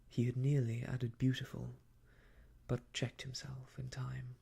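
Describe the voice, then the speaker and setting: Gravelly hushed man, whispered role-play. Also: mid-range voice, completely flat delivery. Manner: slow, hushed and soothing. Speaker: storyteller.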